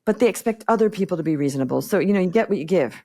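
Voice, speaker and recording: A woman's voice: lowish voice, animated, very fast, mellow. A woman business coach speaking bluntly and directly as a podcast guest, acting out the exchanges she quotes. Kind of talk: podcast interview conversation.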